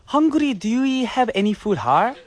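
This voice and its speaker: A man's voice: very high voice, very animated, moderate pace, a little hiss or hum, pitched above the performer's own voice. A man voicing a hungry guy who goes sugar-crazy, in a put-on Singlish accent for a comic radio skit. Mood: hammy. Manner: playful, hammy, laughing, singsong. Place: radio studio.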